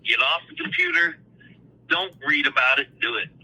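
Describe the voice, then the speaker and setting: A man's voice: very high-pitched, huge pitch swings, normal speed, vocal fry, sharp tone, rough recording. A man hosting a casual podcast, bluntly reminiscing about how people used to live and urging others to go out. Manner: blunt, emphatic, nostalgic about the old days. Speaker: podcast host.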